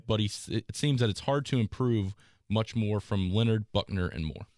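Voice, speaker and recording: Lower-voiced podcast co-host. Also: male voice, moderate pace, no room sound. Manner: steady, reads listener questions. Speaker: podcast co-host reading listener questions. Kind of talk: casual sports talk podcast.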